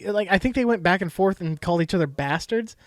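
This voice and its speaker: A man's voice: high-pitched, expressive, very fast, no echo, clean studio sound. A man co-hosting a casual chat, blunt and swearing freely, with stammering restarts. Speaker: podcast co-host.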